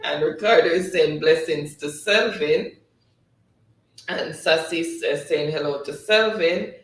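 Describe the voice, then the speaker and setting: A man's voice: fairly high pitch, unhurried, a bit bright, recorded from a distance. A man hosting a live trivia stream, chatting casually, reading viewer comments aloud and often breaking into laughter. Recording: roomy sound, voice set back from the mic.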